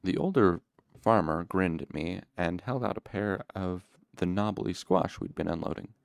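A man reading a novel aloud in the first person, with measured, steady storytelling. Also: deep voice, creaky, smooth, no echo, studio quality. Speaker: audiobook reader.

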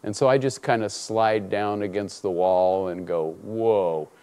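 A man's voice: on the low side, normal speed, clean tone. A man preaching a sermon, telling a personal story and acting out the dialogue in it. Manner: animated storytelling, acts out dialogue.

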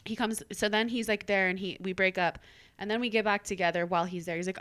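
A young woman hosting a podcast, telling a personal story in casual chat, animated, full of "like" and the odd swear word. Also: medium pitch, quick pace. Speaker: podcast host.

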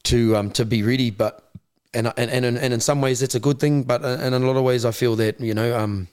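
A blunt, fast-talking New Zealand man. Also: medium pitch, fairly even intonation, a little mellow, clean tone, dry recording, studio quality. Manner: blunt, swears freely, repeats words as he restarts; acts out other people's voices in his stories. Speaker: podcast guest. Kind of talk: candid conversational storytelling.

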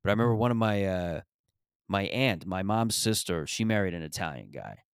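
Low-voiced man riffing in a comedy monologue. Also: animated, a little fast, gravelly, clean tone, no echo, studio quality. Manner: rambling, riffing, profane. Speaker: comedian podcast host.

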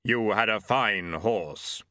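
A man voicing Death, an ancient skeletal reaper who speaks slowly and solemnly. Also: lowish voice, sharp tone, no room sound, studio quality. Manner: slow, solemn and heavy.

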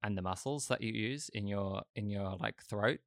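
A man's voice: on the low side, normal speed, gravelly, dry recording. A man from Australia with a light Australian accent, chatting casually as a host, rambling with many fillers and restarts. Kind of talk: casual chat.

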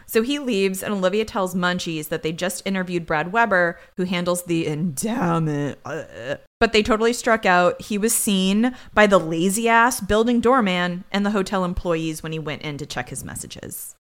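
A woman's voice: fairly low pitch, normal speed, few pauses. Sarcastic woman recapping a crime episode. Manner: chatty, sarcastic asides while retelling the plot. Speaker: podcast co-host.

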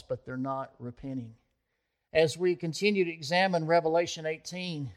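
A middle-aged man preaches an expository sermon, working through a Bible passage verse by verse. His voice sits a little high for a man. He reads the scripture aloud and lifts it with rising emphasis. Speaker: pastor.

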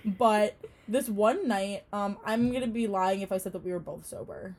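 A woman's voice: medium pitch, darkish tone. A young adult woman co-hosting a podcast in casual chat, chatty with lots of filler words. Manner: rapid and chatty, heavy on "like" fillers. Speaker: podcast co-host.

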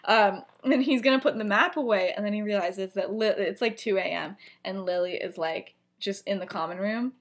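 A woman's voice: medium pitch, brisk, hardly any pauses. A young woman co-hosting a podcast, casually retelling a story in a rambling, giggly way full of fillers. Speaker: podcast co-host.

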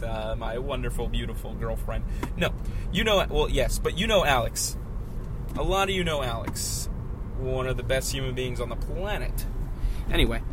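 A man in his twenties talking a rambling solo podcast from his phone while driving, easygoing and chatty, then bursting into loud rants. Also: fairly high pitch. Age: 20s. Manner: chatty, flips into loud ranting. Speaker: podcast host. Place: inside a moving car. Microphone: phone mounted in the car. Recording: car noise in the background. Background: road and engine noise.

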